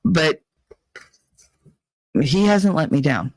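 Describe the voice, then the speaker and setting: A man's voice: on the high side, lively intonation, extremely slow, darkish tone, no room sound. A man from New Jersey talking candidly to his viewers in a rambling, profane, confessional way, sometimes mimicking other people. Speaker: channel host. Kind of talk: candid personal monologue to viewers.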